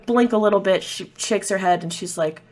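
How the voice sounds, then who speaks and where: A woman narrating a tabletop role-playing game as game master, in a soft, hesitant way. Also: medium pitch, brisk.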